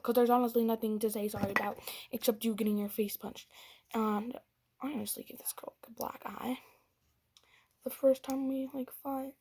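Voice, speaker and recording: A young woman on the high side tells a dramatic storytime vlog about a fight, using whispered asides and acting out the quotes in different voices. Her tone stays steady and a little mellow at a moderate pace, with slight background noise.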